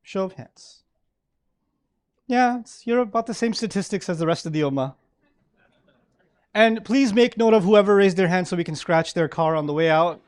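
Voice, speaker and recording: Animated high-voiced man lecturing. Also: normal speed, long pauses, clear, resonant tone, no room sound, studio quality. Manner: animated, asks the audience questions. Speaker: Islamic lecturer. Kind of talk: lecture to a live audience.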